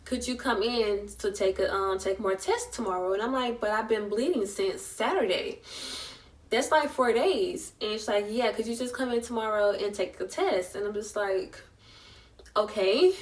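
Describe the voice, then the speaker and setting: A young woman vlogger with a medium-pitched voice tells an emotional personal story at a normal speed, acting out the voices of the people in it. Her retelling is chatty and emotional, full of voiced quotes, and the mic is distant.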